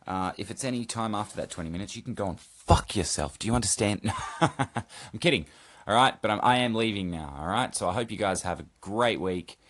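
A man with a low voice talks off the cuff in a solo podcast check-in from home. He rambles, swears a lot and jokes at his own expense, breaking off to scold his cat. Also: fast talker, fairly bright tone. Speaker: podcast host.

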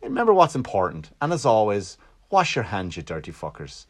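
A man's voice: on the low side, huge pitch swings, brisk. An Irish man hosting his own podcast, rambling casually with profanity and self-mocking jokes. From Ireland. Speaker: podcast host. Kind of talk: casual solo podcast monologue, comedic. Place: Long Island home.

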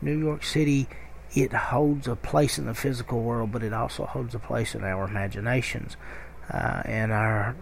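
Slight background noise sits behind a creaky, medium-pitched male voice. He's a middle-aged podcast host from Kentucky, rambling through a story in a casual monologue with plenty of fillers and restarts.

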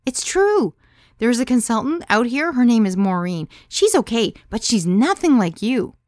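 A woman's voice: on the high side, big pitch swings, moderate pace, darkish tone, no room sound, clean studio sound, voice pushed up. A woman doing a gushing, bubbly young hostess. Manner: gushing, enthusiastic.

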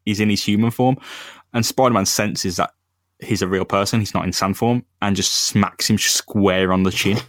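A man's voice: lowish voice, fairly even intonation, moderate pace, a bit bright, no room sound, studio quality. A man co-hosting a casual comic-book podcast, laid-back and slangy, often slipping into silly voices. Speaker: podcast co-host.

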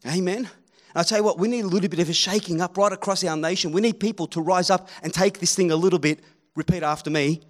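A man preaching a sermon, animated and rallying the crowd, swinging between loud calls and hushed moments. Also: high voice, quick pace.

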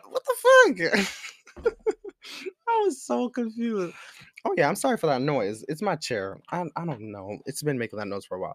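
A man's voice: medium pitch, no echo, studio quality. A young man hosting a podcast, telling a personal story in a candid, rambling way with slang and frequent restarts. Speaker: podcast host. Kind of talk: casual storytelling monologue. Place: room with a squeaky chair.

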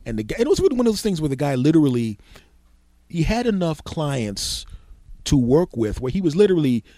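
A man's voice: fairly high pitch, sing-song, fairly quick, warm tone, no echo, studio quality. A man hosting his own podcast, telling a comic story in a loose, swearing style and acting out the people in it. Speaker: podcast host. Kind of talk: solo comedic storytelling podcast.

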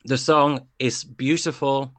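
A man's voice: mid-range voice, fairly even intonation, slow, a bit bright, dry recording. A man chatting casually as a song review panelist, rambling and digressing with lots of fillers.

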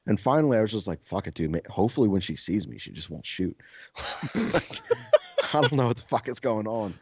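A self-described soft-spoken man, a podcast co-host, telling a story casually, swearing freely and laughing often. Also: lowish voice, sing-song, fairly quick, breathy edge, dry recording.

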